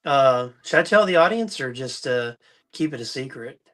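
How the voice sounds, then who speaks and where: A middle-aged man hosting a podcast, chatting casually and telling animated stories, now and then mimicking other people's voices. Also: medium pitch, normal speed. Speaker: podcast host. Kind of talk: casual chat.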